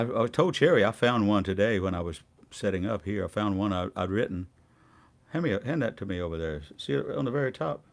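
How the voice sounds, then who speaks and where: An older man, a singer-songwriter, chatting casually and rambling quietly between songs on his music show. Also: fairly low pitch. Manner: relaxed, rambling, quiet spoken asides. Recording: guitar music under the voice. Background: acoustic guitar playing.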